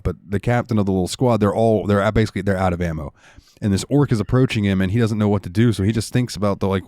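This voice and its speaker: Sitting low and a little mellow, this young man's voice carries a casual chat on the gaming podcast he co-hosts. He tells stories in a loose, rambling way, full of ums and likes. The studio-quality recording has no echo.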